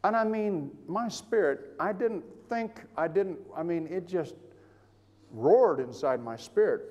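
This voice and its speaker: An older man preaching, telling a personal story with animated, chuckling delivery and acting out the voices of others in his account. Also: high-pitched, measured pace, long reverb tail. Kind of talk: sermon testimony.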